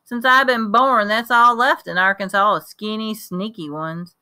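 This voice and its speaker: A woman's voice: medium pitch, steady tone, a little slow, sharp tone. A woman voicing an eager, chatty country boy of about ten with a drawl. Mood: boastful. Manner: eager, rambling, drawling folksy talk. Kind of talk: audiobook reading.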